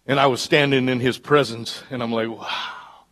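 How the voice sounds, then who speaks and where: A pastor preaching a live church sermon, dropping to hushed asides and climbing to loud, emphatic peaks. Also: male voice, mid-range voice, fairly even intonation, brisk. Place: church service.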